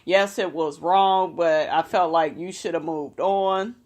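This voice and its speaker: A woman's voice: on the low side, fairly even intonation, slow pace, a little mellow. A young woman, casually recapping a reality show in a sassy, profane, chatty way.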